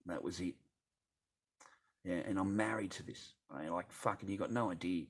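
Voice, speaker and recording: A middle-aged Australian man with a fairly low voice, chatting on a livestream. He rambles in a bitter, profane way and swears in nearly every sentence. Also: moderate pace. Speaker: livestreamer reading chat. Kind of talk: casual rambling livestream chat.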